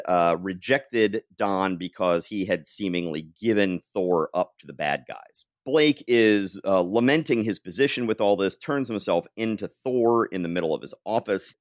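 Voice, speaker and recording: A man with a low voice swings his pitch widely while he chats animatedly about comics. He laughs often, and the recording is dry and close. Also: no room sound. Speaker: podcast host. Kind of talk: casual chat.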